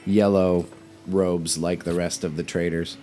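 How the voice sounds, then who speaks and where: A man narrating as game master in a tabletop game, relaxed and rambling. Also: low voice, measured pace, soft background music.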